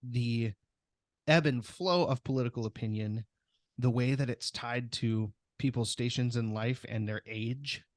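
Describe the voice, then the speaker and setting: A man's voice: mid-range voice, a little slow, dry recording, clean studio sound. A man hosting a podcast, chatting casually with his co-hosts in a playful, self-deprecating way. He studied English. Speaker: podcast host.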